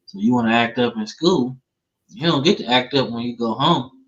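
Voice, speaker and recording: Over a remote call on a streaming rig, a podcast host chats about football in an easygoing, slang-heavy style full of "man" and "bro." His voice is mid-range and fairly bright at a moderate pace, though the stream audio is dull and lo-fi.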